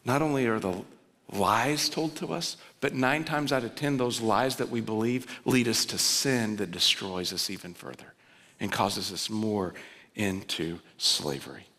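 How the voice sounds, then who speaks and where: A man preaching a sermon as pastor, swinging between loud urgent pleading and low, quiet emphasis. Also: unhurried. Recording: long reverb of a large hall.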